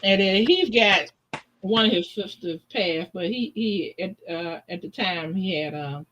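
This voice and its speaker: Animated woman telling stories. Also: medium pitch, a little slow, muffled recording, a little hiss or hum. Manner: animated, laughs often, acts out voices in her stories. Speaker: guest on a live stream. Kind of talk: casual storytelling.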